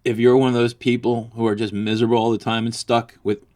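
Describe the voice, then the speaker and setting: A man's voice: mid-range voice, little pitch movement, quick pace, darkish tone. A man ranting crudely about an ex, boastful, vulgar and rambling, as a comedy vlogger.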